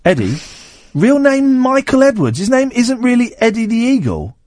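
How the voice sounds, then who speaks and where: A man's voice: extremely high pitch, huge pitch swings, normal speed, a little mellow, dry recording. A man hosting a radio show, bantering with a co-host in teasing, mock-outraged rants. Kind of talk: casual on-air banter.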